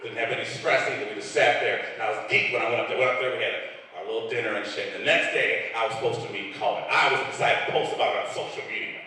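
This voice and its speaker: A man's voice: mid-range voice, quick pace, sharp tone, far from the mic, slight background noise. A middle-aged man from Detroit doing a profane stand-up set on a club stage, acting out the people he quotes. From Detroit, USA. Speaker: stand-up comedian. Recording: echoey club hall picked up from afar.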